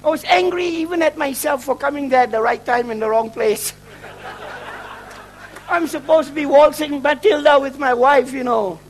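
A middle-aged Malaysian man, a traveling preacher, shares a testimony in his sermon in an extremely high-pitched voice at a moderate pace. He jokes, mocks himself, and laughs at his own lines. The recording is rough, with slight background noise.

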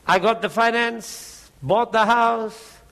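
A man preaching, telling his testimony as a lively story and chuckling often. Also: very high voice, slow pace, vocal fry. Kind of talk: testimony in a sermon.

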